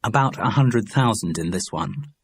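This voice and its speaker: A man's voice: fairly low pitch, expressive, normal speed, slightly rough, no room sound. A man voicing a firm, businesslike woman who produces recordings, in an audiobook.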